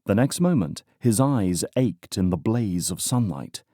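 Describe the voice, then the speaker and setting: A man narrating a romantic suspense audiobook in a measured, even way. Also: on the low side, no room sound, clean studio sound. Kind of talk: scripted narration.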